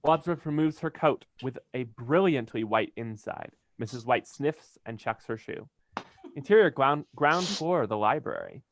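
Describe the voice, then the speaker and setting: A man's voice: medium pitch, expressive, a little slow. A man reading stage directions aloud in a plain, straightforward way, sometimes stumbling over a word. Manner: plain, occasionally stumbling and laughing.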